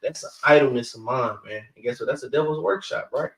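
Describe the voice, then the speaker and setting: A man's voice: mid-range voice, brisk, gravelly, heavy background noise. A man teaching a scripture class in a street-style preaching manner, who keeps repeating "guess what" and "man" and swears casually. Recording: echoey room from far off.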